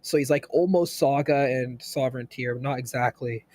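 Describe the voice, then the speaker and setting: A man's voice: medium pitch, moderate pace, darkish tone, no room sound. A man playing a tabletop game, eager and pushy, urging the group forward with jokes. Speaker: player. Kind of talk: casual tabletop game chat.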